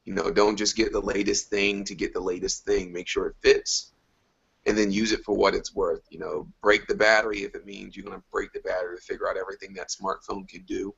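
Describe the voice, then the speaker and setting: A man's voice: low-pitched, level tone, fairly quick, gravelly, fairly bright tone, slightly rough. A man on a podcast panel chatting casually over a video call, restarting sentences as he builds his ideas. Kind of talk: casual chat. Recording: lo-fi online call audio.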